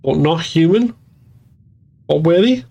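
A woman's voice: deep voice, brisk, highs cut off, pitched above the performer's own voice, lightly acted. A man reading an audiobook, voicing a frightened young woman who speaks in a shaky, pleading rush. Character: distressed young woman demanding answers.

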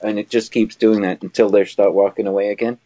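A man with a fairly low voice joins a casual livestream chat. He is playful and jokey, spinning silly scenarios with easy laughs. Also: little pitch movement, fairly quick, mellow, lo-fi sound.

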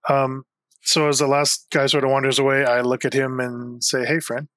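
A man's voice: medium pitch, flat delivery, moderate pace, a bit bright. A man playing a tabletop game, thinking aloud hesitantly. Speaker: player. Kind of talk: casual tabletop play.

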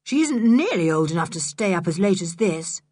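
A cool-headed eldest boy from a children's storybook, calm and dryly mocking with lively pitch, voiced by a woman reader. Slightly breathy and recorded close and dry. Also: normal speed, no echo.

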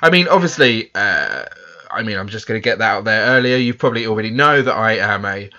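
Chatty English man, bright and casual. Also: fairly low pitch, expressive, quick pace, highs cut off. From England. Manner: chatty, self-deprecating, many fillers. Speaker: podcast host. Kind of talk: casual chat.

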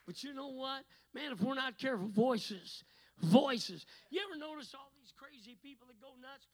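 A man preaching a revival sermon, swinging from hushed asides to shouted exhortations. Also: extremely high pitch, animated, moderate pace, rough recording.

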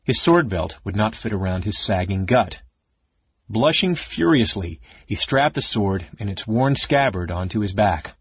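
Man, audiobook narrator, low husky voice, measured expressive reading, dull lo-fi recording. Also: dry recording. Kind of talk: scripted fantasy narration.

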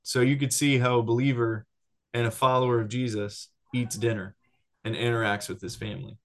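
A man talks through discipleship in a loose, conversational teaching style. He is animated, restarts his sentences often and keeps checking in with his listener. His voice sits at an ordinary middle pitch. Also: fairly quick. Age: adult with a child. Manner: animated, lots of restarts and "right?" check-ins.

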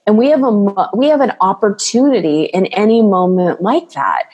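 A woman's voice: medium pitch, expressive, normal speed, darkish tone, slightly rough, in a large hall. A woman guest coach talking earnestly in a podcast interview, telling stories with plenty of fillers. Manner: earnest, storytelling with many fillers.

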